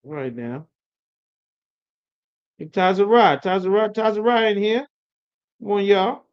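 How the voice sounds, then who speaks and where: A man's voice: sits high, measured pace, clean tone. A man teaching a live online scripture class. He calls on students by name, coaxing and chiding them in a slangy, casual way. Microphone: video call. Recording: lo-fi livestream audio.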